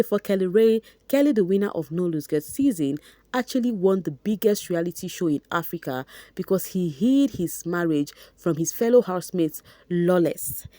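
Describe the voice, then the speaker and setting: A young Nigerian woman with a Nigerian accent, reading out and reacting to a reality show gossip post, laughing often in an animated, mocking way. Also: lowish voice, no room sound. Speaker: gossip vlogger.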